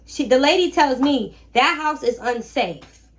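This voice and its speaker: A young woman hosting a casual storytime vlog about her rental guests, talking in a sassy, animated way with slangy asides to the viewer. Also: high-pitched, a little slow. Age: young adult. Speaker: short-term rental host.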